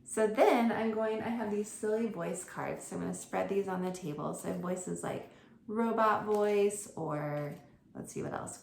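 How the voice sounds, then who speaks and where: A woman's voice: mid-range voice, creaky, darkish tone, a little hiss or hum. A woman homeschool tutor talking through her lesson plans for other teachers in a chatty, informal way. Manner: chatty, informal, with fillers and self-corrections. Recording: roomy echo with faint ambience.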